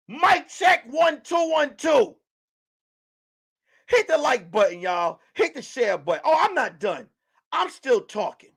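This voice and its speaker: A man vlogger delivering a loud, mocking comedic rant straight to camera. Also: extremely high pitch.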